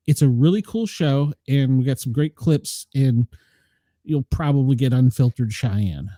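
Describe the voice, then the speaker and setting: A man's voice: mid-range voice, unhurried, mellow, no echo, studio quality. A man hosting a live radio podcast, talking loosely and rambling, laughing often. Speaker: podcast host. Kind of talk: casual live radio chat.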